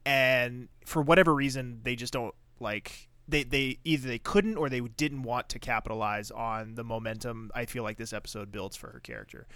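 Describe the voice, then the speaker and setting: A man's voice: medium pitch, expressive, moderate pace, few pauses, sharp tone, no echo. A man co-hosting a podcast, recapping a TV episode in blunt, crude, laughing casual chat. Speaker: podcast co-host.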